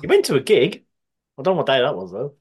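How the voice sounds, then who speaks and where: A man's voice: mid-range voice, sing-song, quick pace, slightly rough. A man co-hosting a podcast, chiming in with short reactions in casual chat. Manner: brief reactive interjections. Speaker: podcast co-host.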